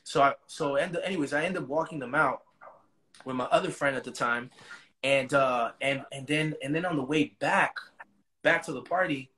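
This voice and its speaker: A man's voice: medium pitch, moderate pace, bright, forceful tone. A man as an interview guest, retelling a story in casual, profane slang.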